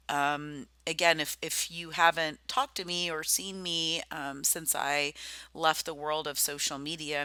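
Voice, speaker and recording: A woman's voice: deep voice, pushed and bright, no echo. A middle-aged woman giving a rambling personal slideshow presentation, full of ums and self-corrections.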